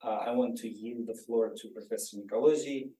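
Hesitant host in a roomy hall. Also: male voice, mid-range voice, steady tone, dark tone, a little hiss or hum. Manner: many "uh" fillers, slow deliberate delivery. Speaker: host introducing a speaker. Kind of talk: formal introduction, hesitant. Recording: roomy lecture hall, distant mic.

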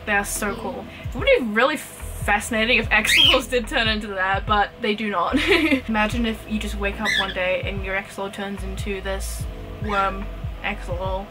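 A woman's voice: mid-range voice, low-quality recording. A young woman hosting a pet channel, chatting casually and reacting to videos with frequent exclamations. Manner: chatty, gushing, quick to exclaim and laugh. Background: background music.

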